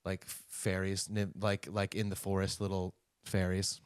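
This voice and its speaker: A man co-hosting a podcast who keeps up quick, self-mocking jokes. His voice is recorded close and dry, with no room sound. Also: deep voice, monotone, a little mellow, smooth, no room sound. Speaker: podcast co-host. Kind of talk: casual chat.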